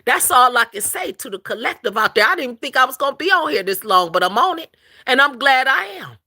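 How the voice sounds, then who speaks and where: A very animated woman with a high, bright, forceful voice talks briskly on a casual spiritual livestream. She's emphatic and repetitive, laughs often, and refers to listeners as "collective."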